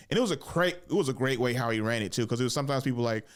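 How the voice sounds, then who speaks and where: Young man, podcast host, casual storytelling, cursing, lively pitch jumps. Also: rapid-fire, few pauses. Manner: animated, swears often, acts out quotes with big pitch jumps. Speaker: podcast host and stand-up comedian.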